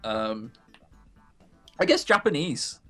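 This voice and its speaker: A man's voice: a little high, very animated, slow, fairly bright tone, faint music behind. A man chatting casually on a live game stream, joking and chuckling.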